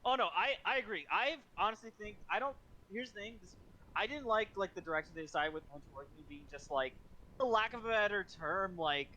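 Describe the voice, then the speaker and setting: A man co-hosting a stream, rambling excitedly and swearing as he pitches ideas. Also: a little fast, lo-fi sound, a little hiss or hum. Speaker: co-host. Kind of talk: casual streaming banter.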